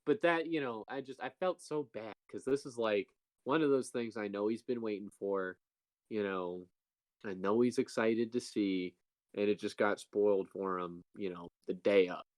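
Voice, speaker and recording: A man's voice: fairly low pitch, moderate pace, a little mellow, no echo. A man co-hosting a casual podcast, telling a rambling story with plenty of fillers. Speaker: podcast co-host. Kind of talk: casual chat.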